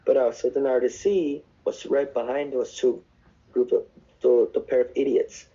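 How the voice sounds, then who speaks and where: A man's voice: mid-range voice, steady tone, moderate pace, warm tone, husky, muffled recording. A young man, a navy sailor, telling rambling, profane stories in casual podcast chat. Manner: rambling, swears often, restarts. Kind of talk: casual storytelling. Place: dorm room on base.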